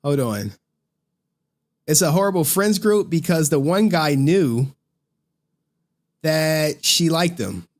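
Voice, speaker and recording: A man's voice: on the high side, slow, pauses often. A man streaming, casually recapping a horror movie in profane slang and acting out the characters' lines. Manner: animated, profane slang, acts out scenes with voices.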